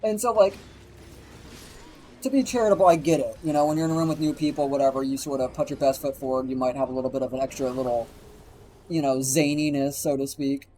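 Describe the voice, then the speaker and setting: A man's voice: medium pitch, fairly even intonation, fast, dark tone, slight background noise, rough recording. A young man streaming live, telling a rambling, profane story while he plays a game. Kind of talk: casual chat while gaming on a live stream.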